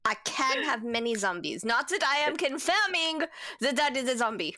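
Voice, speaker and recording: A woman's voice: high voice, lively intonation, normal speed, pushed and bright. A woman playing a tabletop game, speaking in character in an indignant, comic manner. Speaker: player.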